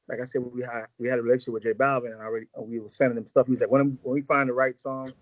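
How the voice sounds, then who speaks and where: A man's voice: mid-range voice, level tone, rapid-fire, no room sound, muffled recording. A man in a casual interview, telling long rambling stories full of slang and acted-out quotes. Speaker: music executive guest.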